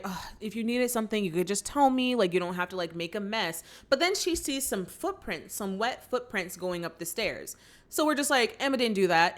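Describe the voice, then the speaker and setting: On her movie reaction channel, a woman speaks at medium pitch with a slightly bright tone. She recaps a film chattily, acting out the quotes and peppering her talk with "like."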